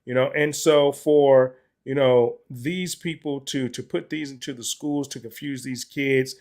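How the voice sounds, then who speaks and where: A man's voice: medium pitch, fairly even intonation, measured pace, a little mellow. A man hosting a political talk show, speaking bluntly and sarcastically. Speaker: host.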